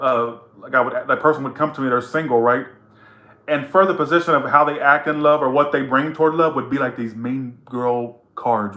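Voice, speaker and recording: A male tarot reader talks straight to his viewers in a casual, teasing way. His bright, sharp voice carries blunt, profane remarks. The sound is roomy and echoing. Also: mid-range voice. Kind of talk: casual tarot reading to camera.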